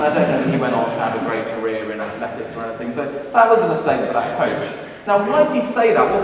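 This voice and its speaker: A man giving a lively lunchtime talk to students, acting out quotes with playful humor. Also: fairly high pitch, a little hiss or hum. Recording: echoey hall, recorded from a distance.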